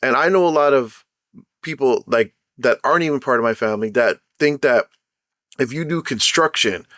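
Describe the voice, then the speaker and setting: A young man of Caribbean background giving casual commentary as a show host, animated, acting out quotes as he retells. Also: mid-range voice, moderate pace, no room sound, studio quality.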